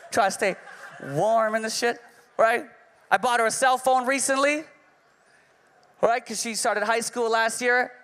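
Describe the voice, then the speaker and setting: A man's voice: very high voice, a bit bright. A man in his thirties doing a brash, profane stand-up set on a club stage. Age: 30s. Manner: brash, profane, punchy delivery. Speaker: stand-up comedian. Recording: live hall reverb.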